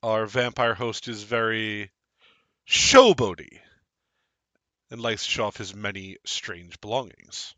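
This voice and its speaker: A man narrating a tabletop game as game master, describing scenes slowly. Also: fairly low pitch, fairly even intonation, bright, forceful tone, no room sound.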